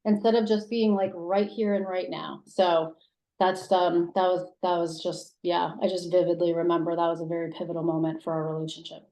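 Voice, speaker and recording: Animated woman telling stories, roomy sound. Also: brisk. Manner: animated, acts out quotes with big pitch jumps. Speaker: guest. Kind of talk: casual interview storytelling. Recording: roomy echo.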